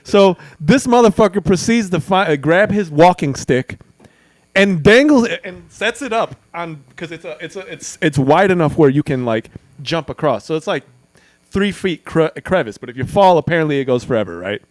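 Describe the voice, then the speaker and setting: A man's voice: fairly high pitch, animated, normal speed, dry recording. A young man co-hosting a podcast, chatting casually, laughing often and telling rambling stories with crude humor. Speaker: podcast co-host. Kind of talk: casual chat.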